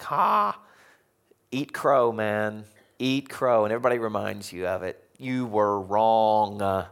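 A man preaching a conversational sermon in a church, animated and chuckling often. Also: mid-range voice. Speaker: pastor. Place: church sanctuary.

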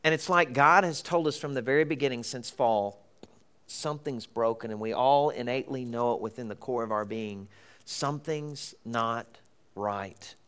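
A man's voice: mid-range voice, normal speed, fairly bright tone, clean tone. Middle-aged male preacher, casual storytelling sermon. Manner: conversational storytelling with laughs and acted-out voices.

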